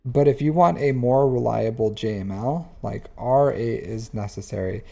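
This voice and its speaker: A man reviewing a player's game account on a live stream, chatty and animated, with lots of fillers. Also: mid-range voice, normal speed, gravelly. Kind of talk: casual live-stream commentary.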